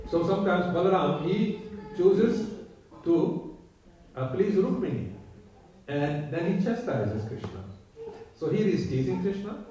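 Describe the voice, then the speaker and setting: A man retelling devotional stories in an animated way, chuckling often. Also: fairly high pitch. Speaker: devotional storyteller. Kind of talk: devotional talk retelling stories, with sung verses. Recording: very echoey, distant mic.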